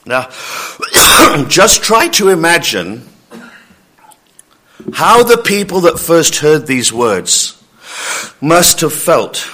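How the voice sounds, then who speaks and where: A man preaching a sermon, praying and then teaching scripture in a slow, emphatic way. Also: a little high, very animated, pushed and bright.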